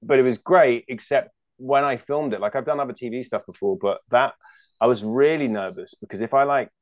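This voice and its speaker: A man's voice: mid-range voice, a little fast, no room sound, dull audio. A man with a British accent, a guest comedian chatting casually, rambling and joking with many restarts. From United Kingdom. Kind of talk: casual chat.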